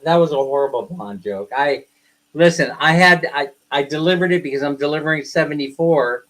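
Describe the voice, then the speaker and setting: A man's voice: mid-range voice, low-quality recording. A middle-aged man hosting a livestream, reading jokes aloud and chatting with his viewers, laughing at his own punchlines and wandering into asides. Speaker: livestream host.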